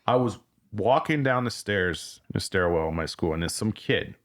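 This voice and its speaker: Male podcast guest, army veteran, lowish voice, halting and reflective. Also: expressive. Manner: halting, restarts often. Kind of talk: casual conversation.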